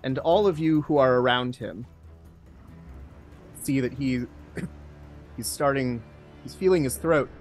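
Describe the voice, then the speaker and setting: A man narrating a tabletop game as game master in a hushed, suspenseful way. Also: mid-range voice, a little slow, pauses often, faint music behind.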